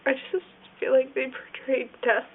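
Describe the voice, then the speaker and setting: A high-voiced woman with a creaky, gravelly edge, rambling through a personal video diary. She talks in halting stretches full of "like" fillers. The sound is thin and phone-like, with a faint hiss underneath. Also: flat delivery. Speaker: vlogger. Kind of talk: casual video diary confession. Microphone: phone or camera filming herself.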